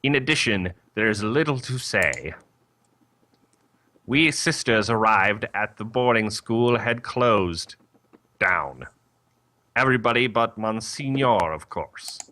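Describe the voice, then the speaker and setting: A man's voice: fairly low pitch, animated, takes it slowly, sharp tone, exaggerated voice. A man voicing a stern older nun who runs a nursing home, talking in a formal, cold and dismissive way.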